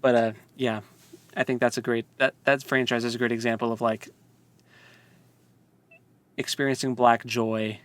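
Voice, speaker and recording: An animated man co-host chats loosely, with frequent laughs and fillers. His voice sits at an ordinary middle pitch. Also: normal speed, long pauses, no room sound. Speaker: podcast co-host. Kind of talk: casual podcast discussion.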